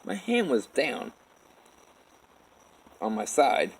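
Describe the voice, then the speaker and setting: A man telling his own life story in a halting, rambling way, with many restarts. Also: medium pitch, wildly swooping pitch, husky, poor audio. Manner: halting, with restarts and repeated "all of a sudden". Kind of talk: rambling first-person storytelling.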